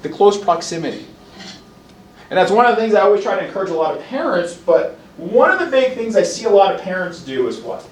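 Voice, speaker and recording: A man gives a college lecture in a high, highly animated voice, slipping into quick acted asides as parents and children. He is heard from across an echoey classroom. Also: a little hiss or hum. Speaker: college instructor. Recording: roomy classroom heard from a distance.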